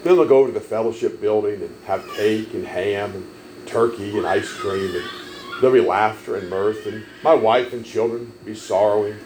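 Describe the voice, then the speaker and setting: A man preaching a sermon, telling stories emphatically and swelling loud on key lines. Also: lowish voice, moderate pace, background noise. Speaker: pastor.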